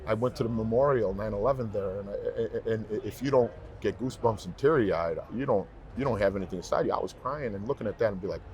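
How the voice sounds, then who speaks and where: Interview guest, male, low voice, animated storyteller who repeats lines for emphasis, faint background hiss. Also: quick pace, few pauses. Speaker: interview guest, professional singer. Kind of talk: casual heartfelt conversation.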